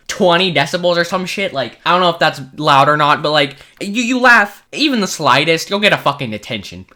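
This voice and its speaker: Bright, animated young man telling a story. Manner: profane, animated, frequent restarts and asides; jumps between hushed mutters and excited high bursts. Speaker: storytime video creator. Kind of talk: casual storytelling.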